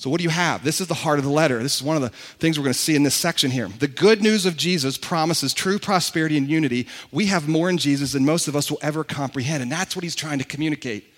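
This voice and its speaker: A man preaching a sermon to a congregation, excitable and animated, who says he gets worked up and talks fast. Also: a little high. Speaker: pastor.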